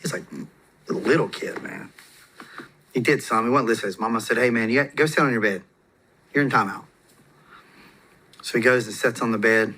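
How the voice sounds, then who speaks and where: A man's voice: medium pitch, fairly quick, long pauses, bright, forceful tone, husky. A man telling personal stories as a podcast guest in a casual, rambling way, with fillers and restarts. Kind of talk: casual storytelling.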